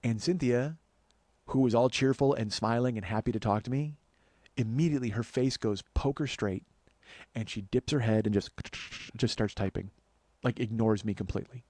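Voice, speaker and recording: A man in his forties, a comedian and podcast host, telling a story as a monologue. He swears a lot and swings between loud outbursts and low asides. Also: normal speed, dry recording. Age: 40s.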